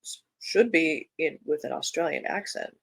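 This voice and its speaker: A book channel host who reads blurbs expressively, then muses aloud with fillers and pauses. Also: medium pitch, expressive, creaky, breathy edge, no room sound. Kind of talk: reading book blurbs and casual commentary.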